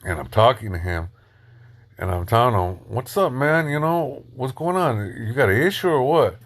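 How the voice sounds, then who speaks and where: A middle-aged man spinning a long story on a live stream, speaking in relaxed street slang. He pauses with plenty of "um"s and "you know"s and stops now and then to shout out people watching. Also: lowish voice. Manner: loose street slang, many fillers, shouts out viewers.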